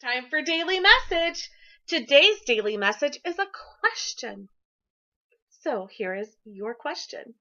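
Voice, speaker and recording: A woman's voice: high voice, big pitch swings, measured pace, pushed and bright. A woman teacher giving an early-grade classroom lesson in an encouraging, sing-song way, talking to young children, in a classroom on a dull lo-fi recording.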